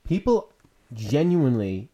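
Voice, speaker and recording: A man co-hosting a podcast in casual chat, playful and quick with asides. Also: medium pitch, sing-song, dark tone, highs cut off. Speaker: podcast co-host.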